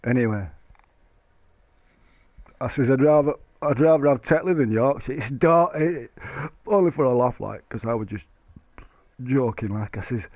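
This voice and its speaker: A man's voice: medium pitch, moderate pace, pauses often, a little mellow, no room sound. A man chatting casually to stream viewers, rambling and joking, laughing often. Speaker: live streamer.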